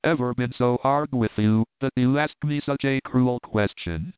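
Male reader as tearful English spinster, plaintive, smooth mid voice, tinny dry audio. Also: mid-range voice, a little slow, dry recording, lightly acted. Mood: tearful pleading. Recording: dry tinny phone-like sound.

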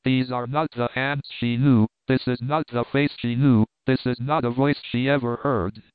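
A man reading the lines of a frail, dazed old male ex-prisoner, with a halting, bewildered delivery, heard over a tinny phone-like line. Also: mid-range voice, fairly even intonation, clean tone, dry recording, natural voice. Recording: dry tinny phone-like sound.

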